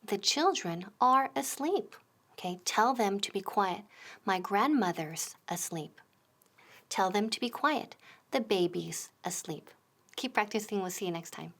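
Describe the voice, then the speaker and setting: A woman teaching English in a TV lesson, modeling example phrases slowly and clearly. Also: medium pitch, animated, fairly bright tone. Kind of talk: bilingual language lesson.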